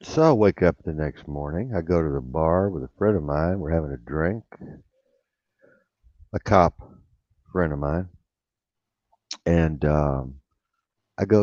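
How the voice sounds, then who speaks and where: A man's voice: extremely low pitch, a little slow, long pauses, darkish tone, dry recording. An older man telling a rambling, blunt and profane story in casual talk, repeating himself as he goes. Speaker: radio show host. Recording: dull lo-fi radio sound.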